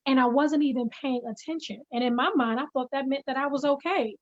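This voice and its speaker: A woman's voice: high-pitched, brisk, no echo, dull audio. A woman guest on a video call, speaking emphatically with a preacher-like cadence about healing. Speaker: guest, singer and life coach. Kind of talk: encouraging preacher-like conversation.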